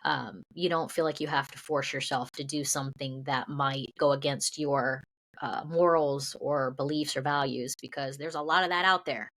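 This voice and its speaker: Southern-raised actress guest, low voice, earnest and reflective. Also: female voice, steady tone, moderate pace, a bit bright. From American South. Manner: earnest, reflective, many "you know" fillers. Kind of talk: casual interview chat.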